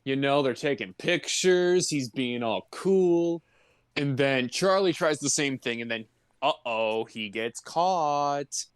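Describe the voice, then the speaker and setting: A man's voice: mid-range voice, animated, takes it slowly, clear, resonant tone, dry recording, clean studio sound. A man co-hosting a podcast, casually recapping a movie in a laid-back, joking way and laughing often. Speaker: podcast co-host.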